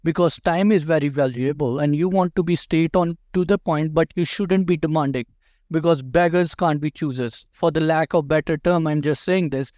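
A man's voice: on the high side, moderate pace, a little mellow, dry recording, clean studio sound. Direct, advising man hosting an interview. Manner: direct, advising, repeats words when emphasizing. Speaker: host interviewing a dental school applicant. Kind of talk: conversational interview.

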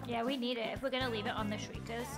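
A young woman chatting casually while gaming with a friend, teasing him and reacting quickly. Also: a little high, fairly even intonation, music in the background. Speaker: co-player.

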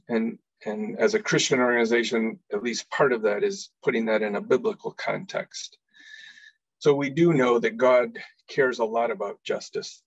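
A man's voice: mid-range voice, gravelly, husky, no room sound. A man giving an earnest faith-based talk as an organization leader, often repeating words as he starts a phrase. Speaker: executive director giving a talk. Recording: dull lo-fi recording.

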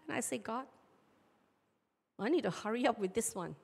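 High-voiced woman preaching in reverberant hall. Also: vocal fry, husky. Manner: animated storyteller, acts out shouted market dialogue. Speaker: pastor. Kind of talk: sermon with personal stories. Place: church sanctuary. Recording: long church hall reverb.

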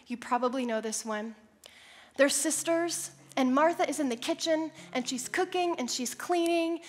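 Woman preacher with a high voice, storytelling sermon turning impassioned, soft music underneath. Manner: building to impassioned, repeated declarations; storytelling, conversational asides.

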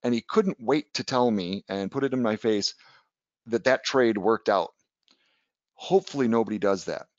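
Low-leaning and moderately paced, the man sounds muffled, though there's no room sound. He teaches trading in an informal webinar lecture, conversational throughout, with anecdotes and frequent "right?" check-ins.

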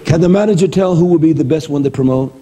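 A middle-aged man preaching a sermon, blunt and lively, jumping between high exclamations and low mutters. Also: fast, breathy edge.

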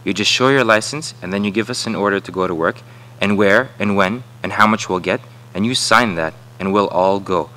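A man's voice: on the low side, a little fast, bright, forceful tone, rough recording. A man voicing a defiant migrant farm laborer who makes blunt, insistent demands.

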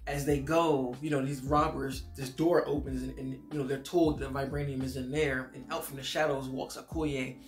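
A man's voice: medium pitch, little pitch movement, normal speed, few pauses, soft background music. A man giving a casual, enthusiastic spoken film review, slangy and full of restarts.

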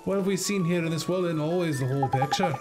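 A man's voice: on the high side, quick pace, loud music behind the voice, pitched above the performer's own voice, natural voice. A man putting on a cheeky fairy sidekick. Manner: slangy, bantering, rising tag questions. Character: chatty small male fairy sidekick, cheeky.

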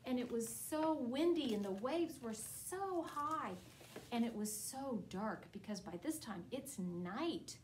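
A woman teaching a Bible class to preschoolers, telling a story in an animated, sing-song way, exaggerated for small children. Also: fairly high pitch, slow, a little hiss or hum, low-quality recording.

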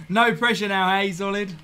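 A man's voice: sits high, pushed and bright, clean tone. A man chatting casually with viewers while live-streaming a video game, rambling and repeating himself. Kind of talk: live-stream gameplay chat.

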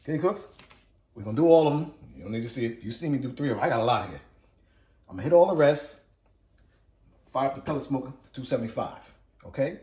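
A man's voice: medium pitch, animated, quick pace, long pauses, warm tone. A man hosting a casual cooking video, chatty and hyped, repeating catchphrases to his viewers as he works. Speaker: cooking channel host. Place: home cooking area, then outdoor backyard grill. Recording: echoey, distant camera audio.

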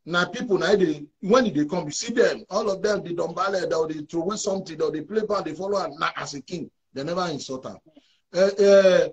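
A man speaking with a Nigerian Pidgin accent, a guest talking in a halting, repetitive way on a talk show. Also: high-pitched, husky, poor audio.

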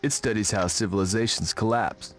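An actor playing a brooding young man in a dubbed video game, speaking in a slow, solemn monologue. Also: fairly low pitch, fairly even intonation, soft background music, close to an everyday voice. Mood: earnest brooding.

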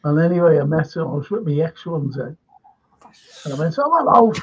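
A man's voice: on the high side, steady tone, a little fast, dark tone, breathy edge. A man hosting a live stream, reading viewer comments aloud and rambling through chatty anecdotes. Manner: reads comments aloud and chuckles at them. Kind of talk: rambling casual chat and anecdotes. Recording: lo-fi stream audio.

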